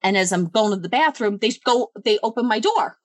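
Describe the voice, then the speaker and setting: A young adult woman telling a story in casual chat, animated and swearing freely. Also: brisk, no room sound. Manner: animated, swearing, acts out quoted voices higher.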